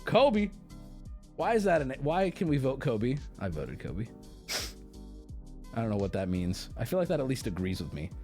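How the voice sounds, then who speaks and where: A man's voice: mid-range voice, moderate pace, pauses often, faint music behind. A young man hosting a livestream, rambling through stories in a casual, profane way. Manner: rambling, profane, animated storytelling. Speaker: streamer host.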